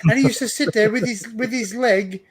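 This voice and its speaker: A man's voice: sits high, a little fast, slightly rough. A man hosting a casual livestream chat with friends, rambling, laughing and repeating his words. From Australia. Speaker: livestream host.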